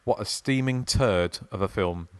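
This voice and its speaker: A man's voice: fairly low pitch, measured pace, crowd noise. A man hosting a podcast, chatting casually and reading listener emails aloud. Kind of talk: casual chat.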